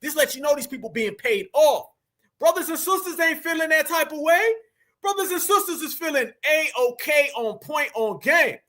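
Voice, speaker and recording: A man's voice: extremely high pitch, lively intonation, normal speed, sharp tone. A man hosting a reaction commentary, talking emphatically and preachily to his audience. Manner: emphatic and preachy, keeps calling the audience fam. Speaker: commentary host.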